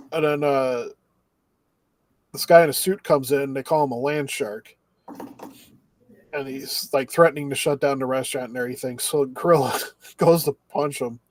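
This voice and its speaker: Recorded dry, a man with a medium, darkish voice co-hosts a laid-back podcast. He gives meandering anime recaps and acts out what the characters say.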